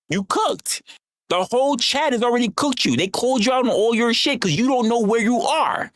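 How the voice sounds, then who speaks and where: Streamer scolding a viewer, profane and relentless, animated pitch, dry close sound. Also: moderate pace, dry recording. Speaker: livestream host. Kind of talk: heated livestream rant.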